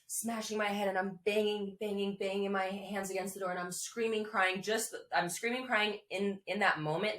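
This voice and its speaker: A woman's voice: low-pitched, fairly bright tone. A woman guest telling a personal story in a chatty way, full of likes and restarts and frequent laughs. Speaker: podcast guest. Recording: echoey room.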